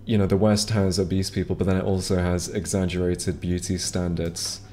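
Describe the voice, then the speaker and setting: A man's voice: deep voice, flat delivery, normal speed, few pauses, dark tone. A man streaming a video game, chatting casually to viewers, rambling with many ums and restarts. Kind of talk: casual gameplay commentary. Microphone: headset or desk mic.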